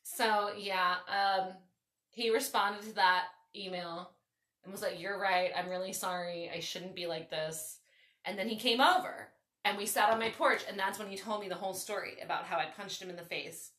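A woman hosting a podcast, telling a story in a casual, animated, foul-mouthed way. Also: medium pitch, moderate pace, roomy sound, recorded from a distance. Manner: animated, swearing, lots of "like". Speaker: podcast host.

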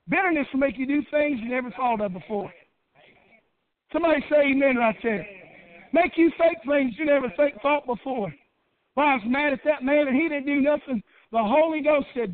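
Preacher guy, high voice, gets loud and fervent, dry tinny phone-ish recording. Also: a little fast, no room sound. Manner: builds to fervent shouting, preaching cadence. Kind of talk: Baptist sermon.

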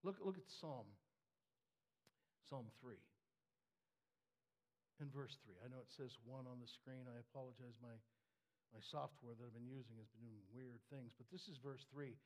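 A man preaching a sermon with passion, halting and repeating words, dropping to whispers and rising to shouts. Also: medium pitch. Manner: impassioned, swings from hushed whispers to shouts. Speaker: pastor. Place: church with a screen for the congregation.

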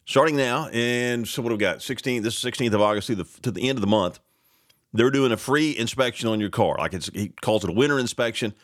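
A man hosting a casual morning radio show, greeting texters, pitching a sponsor and reacting to the news in a rambling, animated way. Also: quick pace, no room sound, clean studio sound. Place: radio studio. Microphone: studio microphone.

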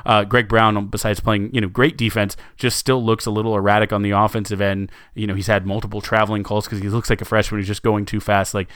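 A man with a fairly low voice talks basketball in easy, rambling podcast chat, looping back with fillers and restarts. The sound is dry and close, with no room around it. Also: level tone, fast, few pauses, fairly bright tone, no echo. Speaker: sports podcast co-host. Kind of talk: casual sports chat.

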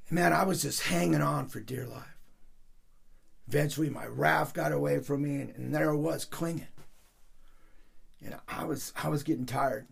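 Gravelly-voiced man preaching an emotional sermon. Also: a little high. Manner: heartfelt, gets emotional telling a personal story. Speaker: pastor.

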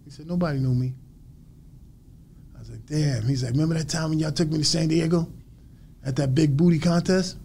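A man as an interview guest, telling a story in a lively way and acting out other people's lines. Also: fairly high pitch, a little fast, creaky, long pauses, a little hiss or hum. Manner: animated storyteller acting out quotes.

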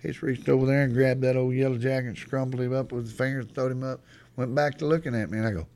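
A man's voice: medium pitch, quick pace. A middle-aged man from west Texas, telling a rowdy, profane story in a folksy way as a podcast guest. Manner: folksy, profane, animated yarn-spinner. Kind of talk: storytelling in casual chat.

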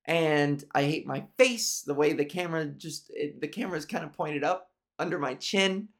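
A woman's voice: low-pitched, moderate pace. A woman hosting a solo podcast, talking in a nasal voice, candid and profane, rambling with restarts. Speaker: podcast host.

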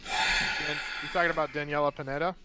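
A man in a casual chat show who laughs easily and drops quick asides. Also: a little high, level tone, a crowd in the background. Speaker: podcast co-host.

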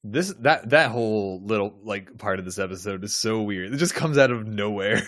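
A man co-hosting a podcast, rambling through a TV episode recap and trailing off quietly. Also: on the low side, animated, moderate pace, no room sound, studio quality. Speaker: podcast co-host. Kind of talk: casual chat recapping a TV episode.

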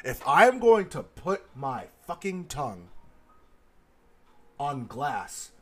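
A man with a slightly high voice tears into a comedic rant on his podcast, swearing constantly and slipping into impressions of the people he mocks. He records in a studio booth. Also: takes it slowly, slightly rough. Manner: animated, swears constantly, mimics people he describes. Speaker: podcast host.

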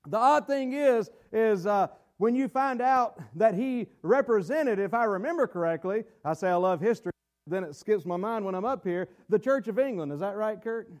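High-pitched folksy Southern preacher man. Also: animated, moderate pace, a little mellow. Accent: Southern American. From American South. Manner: folksy, digressive, rising to emphatic bursts. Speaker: pastor. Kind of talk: sermon.

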